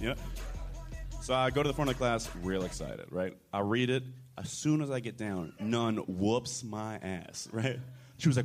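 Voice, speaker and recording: A man's voice: medium pitch, moderate pace, soft background music. A young man with a Philadelphia accent doing a laid-back stand-up set, mumbling and tagging lines with "you know what I'm saying". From Philadelphia area. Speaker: stand-up comedian. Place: comedy club stage.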